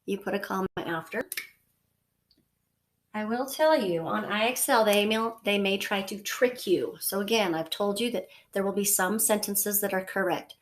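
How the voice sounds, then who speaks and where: A woman's voice: mid-range voice, moderate pace. A woman teacher giving a recorded lesson to her class, patient and repetitive, checking in often with the listener. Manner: patient, repeats points, frequent okay and so.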